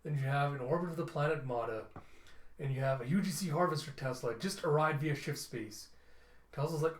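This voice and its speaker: A man's voice: on the high side, a little fast. A man casually narrating a comic book readthrough, with chuckling asides. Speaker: comic reviewer. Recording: echoey room.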